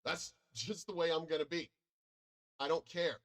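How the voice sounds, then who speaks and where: A man's voice: fairly high pitch, steady tone, normal speed, fairly bright tone. An American man in a profane, combative and boastful ranting monologue, commenting online. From United States.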